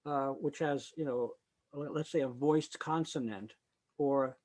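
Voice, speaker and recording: A man's voice: medium pitch, measured pace, darkish tone. An older man giving an informal online lecture on choral conducting. He thinks aloud with fillers and self-corrections, and now and then sings a short example. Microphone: video call.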